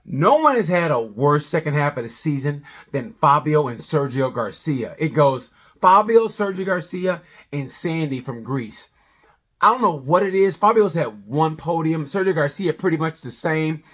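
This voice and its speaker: A male comedian giving a rambling, animated comedic review of a motorcycle race, full of tangents. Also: on the high side, moderate pace. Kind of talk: comedic sports review monologue.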